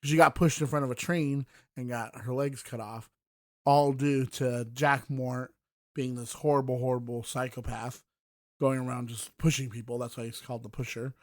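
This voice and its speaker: A man's voice: mid-range voice, no echo. Rambling male podcast host, dry sound. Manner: rambling, many fillers and restarts; mocking voices when quoting. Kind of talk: casual book review talk.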